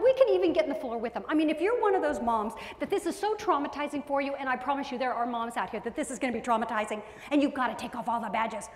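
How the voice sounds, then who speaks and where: A woman with a high voice delivers a parenting talk to a live audience, animated and expressive, slipping into voices of parents and children. The sound is roomy, with a long reverb tail from a large hall. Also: fast, few pauses. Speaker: parenting speaker.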